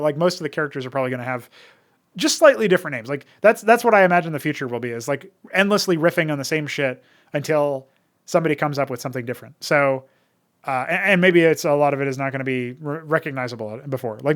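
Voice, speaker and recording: Casting: young American man, talky host, slightly high-pitched, loose and rambling. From United States. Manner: rambling, many fillers and restarts. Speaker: podcast host and modder. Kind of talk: casual solo talk.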